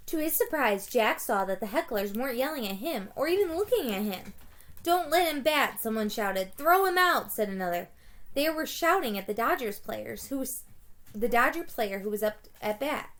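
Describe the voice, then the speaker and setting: A woman with a slightly high voice, reading a children's chapter book aloud for her students. She tells the story in a plain, steady way and now and then goes back to fix a stumbled word. Her voice rises and grows livelier when she reads out the characters' shouts. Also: moderate pace.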